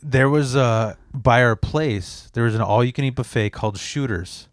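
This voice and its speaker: A man in his thirties hosting a podcast, telling crude stories in a loose, animated way. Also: mid-range voice, moderate pace, dry recording, studio quality. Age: 30s. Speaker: podcast host. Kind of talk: casual storytelling chat.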